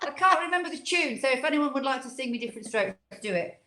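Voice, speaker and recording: A woman's voice: high-pitched, animated, fast, bright, forceful tone. A woman hosting a quiz on a live cocktail show, playful and teasing in a casual chat. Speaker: quiz host on a cocktail livestream. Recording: echoey room.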